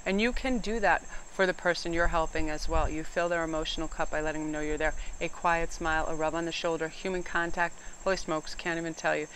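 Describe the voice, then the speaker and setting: A middle-aged woman, giving a casual, animated tarot reading outdoors and sometimes getting loud and emphatic. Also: deep voice, brisk, hardly any pauses, a little hiss or hum. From New England. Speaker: tarot reader.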